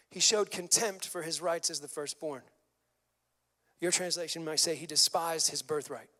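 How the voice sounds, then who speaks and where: A man's voice: on the high side, fairly bright tone. A male pastor preaching a sermon with energy, mixing scripture with casual slang asides. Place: church sanctuary. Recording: long hall reverb.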